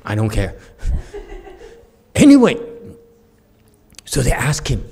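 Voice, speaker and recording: A man giving a Buddhist Dharma talk as a Chan master, telling a story with lively acted-out quotes. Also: mid-range voice, takes it slowly, gravelly, breathy edge. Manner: animated storyteller who acts out quoted speech and laughs at his own jokes.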